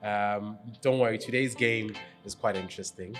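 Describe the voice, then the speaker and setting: A woman hosting a chat show, animated and quick to laugh, sometimes stammering when she gets excited. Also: extremely low pitch, music in the background. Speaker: show host. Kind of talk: casual chat.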